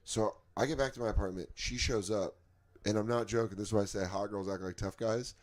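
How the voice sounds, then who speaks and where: Man telling a story in a low voice. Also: a little fast. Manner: animated, acts out quoted voices, laughs often. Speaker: comedian. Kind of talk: casual storytelling chat.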